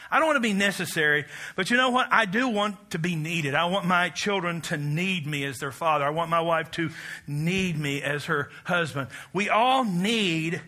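A man's voice: fairly high pitch, moderate pace, bright, forceful tone. A middle-aged man preaching a sermon, emphatic and leading the congregation in call-and-response.

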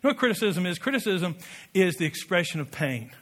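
A man preaching a sermon with passion, building to loud peaks and dropping to quiet asides, leading the congregation in call-and-response. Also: high-pitched, sing-song, fast talker. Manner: impassioned, rising to shouted peaks, drops to quiet asides. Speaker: pastor.

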